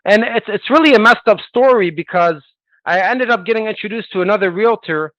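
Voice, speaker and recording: A man coaching salespeople in an energetic, persuasive way, acting out sales calls as he talks. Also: high voice, a little fast, no echo, dull audio.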